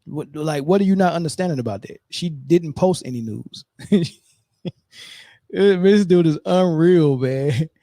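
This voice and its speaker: Emphatic man with a dark, dry voice. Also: fairly high pitch, animated, moderate pace, dry recording. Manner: emphatic, repeats himself, keeps asking "right?". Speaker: sports podcast host. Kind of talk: casual commentary.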